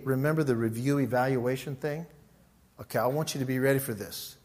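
A middle-aged man, a pastor, teaching a sermon and telling a story by acting out both sides of the dialogue. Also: medium pitch.

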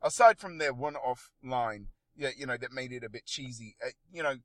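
A man co-hosting a casual movie review podcast, animated and laughing often. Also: mid-range voice, normal speed, dry recording. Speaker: podcast co-host.

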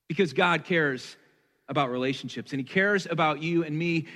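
Bright-voiced male pastor in a big echoing hall. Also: high-pitched. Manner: conversational, with rhetorical questions and self-deprecating asides. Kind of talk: sermon.

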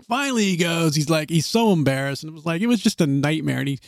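A man with a fairly high voice tells an outdoor story in loose, rambling chat, doubling back and laughing as he goes. The sound is dry and close, with no room around it. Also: animated, fast talker, gravelly, no echo. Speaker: podcast co-host telling trail stories. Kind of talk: casual chat.

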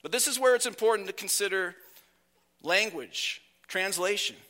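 Bright-voiced male pastor preaching. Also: high voice. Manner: slow, deliberate delivery that drops soft at the ends of phrases. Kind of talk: sermon.

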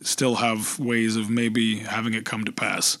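A man's voice: on the low side, level tone, measured pace, fairly bright tone, dry recording, studio quality. A man, a voice actor and storyteller, talking reflectively in a casual interview, rambling and restarting his thoughts. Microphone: close podcast microphone.

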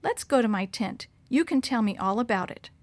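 A woman reading a storybook aloud, voicing a kind adult camp leader who speaks gently and comfortingly. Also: on the high side, animated, fairly quick, no room sound.

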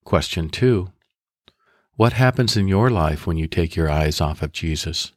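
Man, deep low voice, devotional podcast host, guided meditation, measured and deliberate, dry close recording. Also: lively intonation, no echo.

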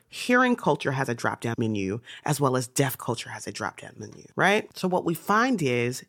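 A woman sign language interpreter hosting a podcast monologue, speaking directly and emphatically and challenging her listeners. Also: extremely low pitch.

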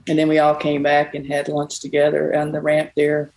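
A bar owner with a low, monotone voice tells stories at a normal pace in a casual interview, her tone a little mellow. She rambles in a folksy way and often quotes other people, and the recording is rough.

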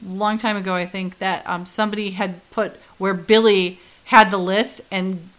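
A woman's voice: medium pitch, steady tone, normal speed, a bit bright. A woman co-hosting a casual podcast, animatedly retelling a TV episode and quoting the characters with laughs. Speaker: podcast co-host. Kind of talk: casual chat recapping a TV episode.

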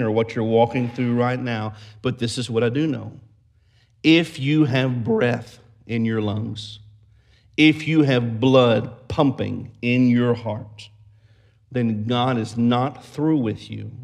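A man's voice: medium pitch, creaky, darkish tone. A man preaching a sermon as pastor, building emphasis through repeated phrases and storytelling. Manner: preaching with rising emphatic repetition.

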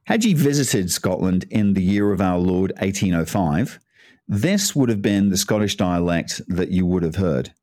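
A man hosting, chatting casually before reading a poem aloud in plain English at a measured pace. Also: low-pitched, animated, darkish tone, no echo, clean studio sound. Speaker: host.

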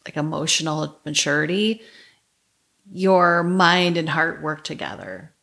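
A woman co-hosting a podcast in casual chat, supportive, with short reactions and quick asides. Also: deep voice, animated, creaky, fairly bright tone. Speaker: podcast co-host.

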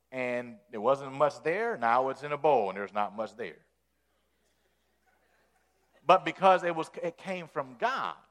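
A male pastor delivers a folksy, animated sermon, often repeating words as he builds momentum. His voice sits somewhat high for a man and rises in force at each climax.

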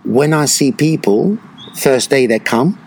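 A man who teaches breathwork retreats, talking slowly and reflectively in an interview, with many pauses and fillers. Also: mid-range voice, expressive, creaky, slightly rough, low-quality recording.

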